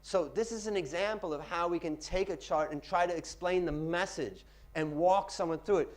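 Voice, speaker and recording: Before an audience in a seminar room, a man delivers a live talk on pitching at a moderate pace. He modulates his volume and tempo for effect.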